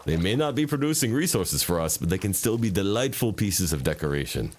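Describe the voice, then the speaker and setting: A man with a low, sing-song voice plays a polite, quirky tea shop mentor who speaks formally in oddly broken phrasing. His manner is gentle, unhurried, and mildly teasing as he explains things.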